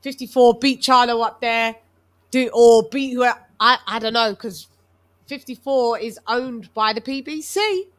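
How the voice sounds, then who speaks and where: A woman's voice: a little high, unhurried. Chatty London woman hosting a stream. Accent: London English mixed with American and Jamaican twang. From England. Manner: chatty, laughs often, code-switching slang. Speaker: host. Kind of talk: casual live-stream chat.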